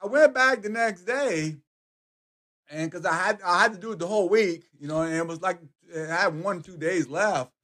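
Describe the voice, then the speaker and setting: A man's voice: sits high, normal speed, pushed and bright. A man telling a personal church testimony in casual conversation, with many restarts, acting out sounds and voices. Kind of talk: casual storytelling.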